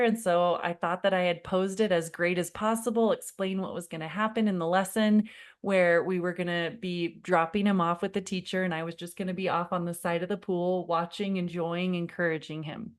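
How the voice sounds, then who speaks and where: Confiding woman parenting coach, lowish voice. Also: fairly even intonation, normal speed. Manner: warm, confiding storyteller who addresses viewers as friend; acts out her own past pleading in quoted lines. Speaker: parenting coach hosting a live workshop. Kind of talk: live online workshop talk.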